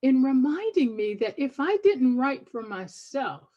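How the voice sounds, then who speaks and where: A woman's voice: sits high, sing-song, unhurried, dull audio. An older woman, a poet, reading reflectively and devoutly from her book to an audience. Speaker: poet and author.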